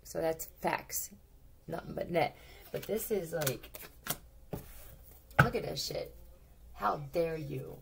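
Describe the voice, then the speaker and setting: A woman's voice: low-pitched, slow pace, creaky, pauses often, distant mic, background noise. A woman giving a casual tarot reading, rambling and blunt, swearing freely, repeating words and firing off questions. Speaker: tarot reader.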